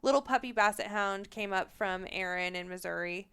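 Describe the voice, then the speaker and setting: A young adult woman co-hosts a casual podcast chat, acting out the people in her stories and laughing often. Her voice is bright and forceful, with a smooth, clear tone. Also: mid-range voice, normal speed. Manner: animated storyteller, acts out quoted lines, laughs often. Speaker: podcast co-host.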